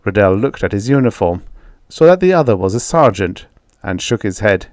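Brief: male audiobook narrator, slightly low voice, measured delivery, dry close mic. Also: no echo. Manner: measured, even storytelling. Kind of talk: scripted story narration.

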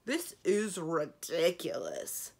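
A woman's voice: fairly low pitch, huge pitch swings, slow, gravelly, exaggerated voice. A woman voicing a large, irritable dragon who speaks scornfully. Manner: scornful, snorting.

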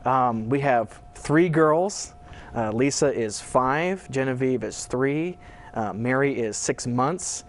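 A man's voice: mid-range voice, lively intonation, slow. A man in his thirties, a philosophy professor being interviewed, giving earnest, lecture-like answers with many fillers.

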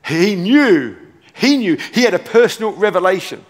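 Emphatic preacher, high voice. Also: male voice, big pitch swings, moderate pace. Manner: emphatic, repeats key phrases, playful asides. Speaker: pastor. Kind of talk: sermon. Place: large church auditorium. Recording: long church hall reverb.

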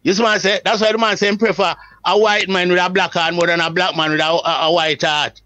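A Jamaican Rastafari priest speaking in an emphatic, preacherly way, often checking whether the listener follows. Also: male voice, high voice, flat delivery, quick pace, bright, forceful tone, a little hiss or hum. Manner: emphatic, preacherly, often asks "you see what I say?". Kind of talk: religious reasoning, casual talk.

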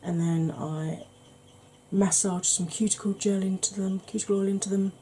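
A woman's voice: medium pitch, fairly even intonation, normal speed, mellow, slight background noise. A woman hosting a makeup channel, chatting casually through a tutorial with rambling, self-deprecating asides.

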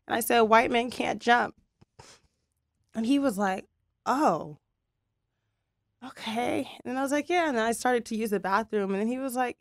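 A woman's voice: fairly high pitch, brisk, vocal fry, no echo, clean studio sound. A woman co-hosting a podcast, chatting casually and acting out the quotes in her funny stories with bursts of laughter. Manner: animated storyteller who acts out quoted dialogue with laughter. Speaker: podcast co-host. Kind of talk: casual chat, storytelling.

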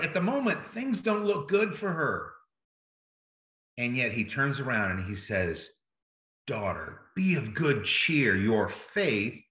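Bright-voiced pastor preaching in an echoey room. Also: male voice, medium pitch. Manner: conversational, checks in with "right?" and "okay?". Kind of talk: sermon.

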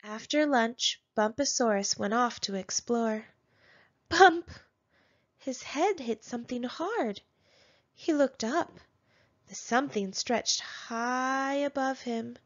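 A woman reading a children's picture book aloud with gentle, measured storytelling. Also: on the high side, lively intonation. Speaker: storybook narrator. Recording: dull lo-fi sound.

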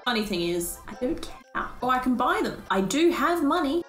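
A woman's voice: high voice, very animated, normal speed, hardly any pauses, fairly bright tone, soft background music. An Australian woman chatting playfully and mocking herself while playing a video game. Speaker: let's play gamer. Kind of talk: casual gameplay commentary. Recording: roomy echo.

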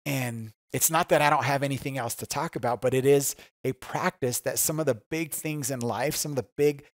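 A male pastor preaches in a conversational, earnest way, often checking in with his listeners and repeating his main points. His voice sits at an ordinary middle pitch. The sound is dry and close, with no room echo. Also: brisk. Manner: conversational and earnest, with tag questions and repeated phrases. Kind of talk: sermon.

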